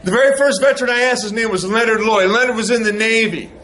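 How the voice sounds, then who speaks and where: A middle-aged man speaks to an audience in an unusually high voice. He tells his stories with animation and acts out the dialogue as he goes. Faint room ambience sits underneath. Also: fast, pushed and bright, a little hiss or hum, rough recording. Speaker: speaker addressing veterans. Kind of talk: storytelling speech to an audience.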